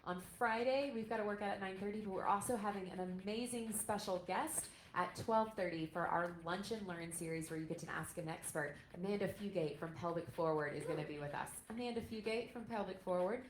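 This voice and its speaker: A woman's voice: medium pitch, a little fast. An upbeat woman leads a stretch class for parents and kids, calling out cues in a mid-range voice. She sounds like she is in an echoey indoor room, with a faint hum of noise behind her. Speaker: yoga instructor.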